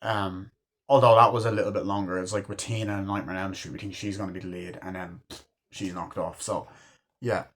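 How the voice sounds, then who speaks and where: A man's voice: deep voice, fairly even intonation, brisk, fairly bright tone, slight background noise. A young man casually reviewing a film, rambling with lots of fillers and frequent swearing. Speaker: movie reviewer.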